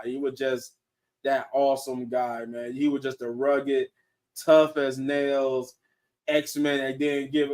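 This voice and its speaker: A man hosting a podcast in casual chat, excitable and laughing often, restarting his sentences as he talks. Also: mid-range voice, far from the mic. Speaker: podcast host. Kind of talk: casual chat reviewing shows and movies.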